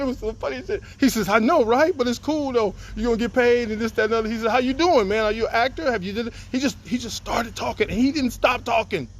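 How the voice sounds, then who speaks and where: A man telling a long personal story to his viewers in a casual, rambling way, breaking off to greet people. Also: very high voice.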